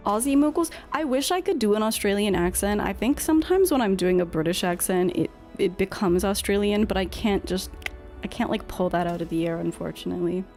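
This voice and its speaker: A woman's voice: mid-range voice, expressive, fairly quick, a little mellow, soft background music. A woman streaming a game, chatting casually and playfully, often correcting herself mid-sentence.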